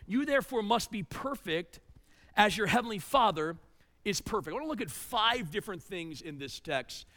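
Bright high-pitched male preacher. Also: moderate pace. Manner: storytelling, animated, with dramatic drops to a hush. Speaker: pastor. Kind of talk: sermon.

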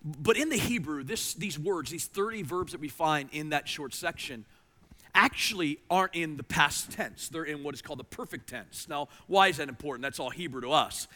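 A man preaching a sermon, animated, climbing to emphatic peaks and then dropping low. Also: a little fast. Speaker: pastor. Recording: reverberant hall.

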